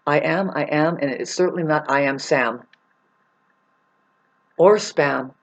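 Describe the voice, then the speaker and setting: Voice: medium pitch, measured pace, low-quality recording. A vlogger delivering an angry, rambling, profane monologue that warns and scolds the listener. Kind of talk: ranting monologue.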